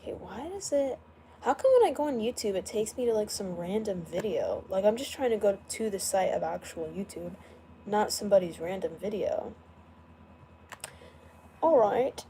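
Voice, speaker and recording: A young woman chats through a late-night livestream at home, greeting viewers by name and laughing between thoughts. Her voice is mellow and relaxed, with a faint hiss of noise underneath. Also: mid-range voice, normal speed. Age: young adult. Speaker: livestream host.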